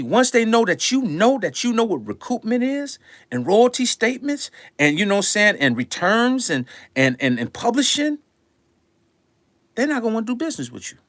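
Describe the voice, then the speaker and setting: Older man, emphatic slangy monologue, repeats himself, high voice, very lively. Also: normal speed, no room sound. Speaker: music producer talking to his audience. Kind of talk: passionate monologue.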